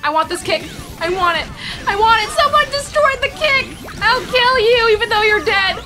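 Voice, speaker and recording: A woman's voice: very high-pitched, lively intonation, moderate pace. A woman hosting a casual gameplay chat, dramatic with anxious exclamations, over game music. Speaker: host gaming.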